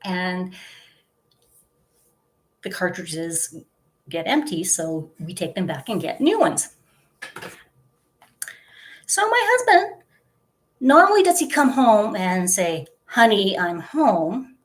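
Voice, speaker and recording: Woman in her fifties, vlogger, slow unhurried talk, chatty, giggly, filler-heavy. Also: lowish voice, very animated. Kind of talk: casual chat.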